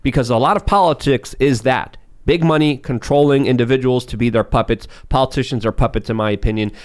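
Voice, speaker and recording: A man's voice: mid-range voice, fairly quick. A man co-hosting a podcast, speaking earnestly in casual political commentary. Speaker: podcast co-host.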